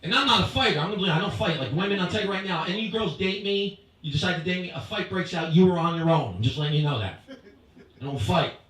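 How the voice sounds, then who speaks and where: A man with a rather high voice delivers a punchy stand-up set, playing to the crowd. His voice rings through a very echoey club, picked up from well off the mic. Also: quick pace, far from the mic. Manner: punchy, animated crowd work. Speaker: stand-up comedian. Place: comedy club stage before a live audience.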